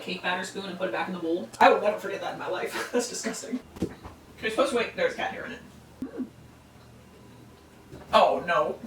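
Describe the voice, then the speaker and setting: A man's voice: high voice, a bit bright. Young man, home baking vlogger. Rambling, self-mocking, swears freely; distant laptop mic in a roomy, noisy kitchen. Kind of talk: casual solo vlog chat while baking.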